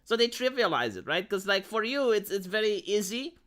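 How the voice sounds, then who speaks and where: A man's voice: sits high, sing-song, brisk, fairly bright tone. A young man chatting bluntly with his live-stream chat, swearing often as he answers comments.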